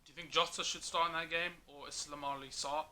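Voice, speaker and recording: A man in a casual football chat, asking quick questions and pressing his points. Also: a little high, level tone, pushed and bright, slight background noise.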